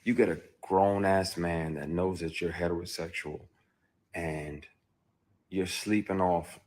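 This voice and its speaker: Deep husky man, heated and emphatic. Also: fairly even intonation, a little slow. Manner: emphatic, heated storytelling with sudden loud outbursts. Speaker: actor. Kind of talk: candid livestream monologue. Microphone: phone on a live stream.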